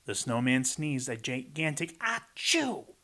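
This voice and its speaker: Sharp in tone and slow in pace, a mid-range male voice with big pitch swings reads a rhyming picture book aloud. He chimes in with playful commentary between pages.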